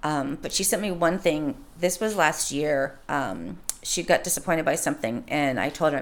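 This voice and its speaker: A mother in her forties talking openly and warmly about raising her children, in a casual podcast conversation. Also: low voice. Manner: open, heartfelt storytelling, quick to laugh. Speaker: podcast guest. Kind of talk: casual chat.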